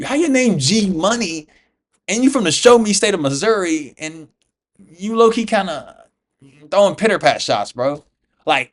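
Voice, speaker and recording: A man from the US, an MMA YouTuber, giving casual fight reaction commentary in slangy, profane talk, calling everyone "bro.". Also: mid-range voice.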